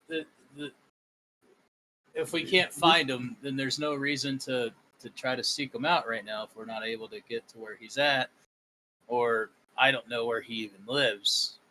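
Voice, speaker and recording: A man's voice: medium pitch, sharp tone, low-quality recording. A man playing a tabletop role-playing game, talking in an unsure, rambling way with many restarts. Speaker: player.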